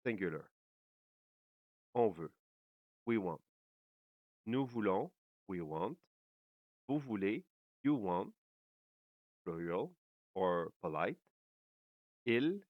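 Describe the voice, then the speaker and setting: A man teaches at a very slow, deliberate pace, his voice sitting a little low. He pauses often and fills gaps with small hesitations. The sound is dry and slightly dull, as if from a modest home setup. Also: dry recording. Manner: slow and careful, with frequent pauses and fillers. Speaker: French teacher. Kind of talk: slow language lesson.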